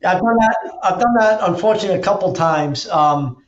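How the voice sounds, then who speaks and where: A man guest on a podcast, an energetic storyteller who acts out quotes and restarts his sentences often. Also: high-pitched, fairly quick. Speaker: podcast guest, auto dealer and drag racer. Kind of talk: casual interview talk. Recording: roomy, dull lo-fi sound.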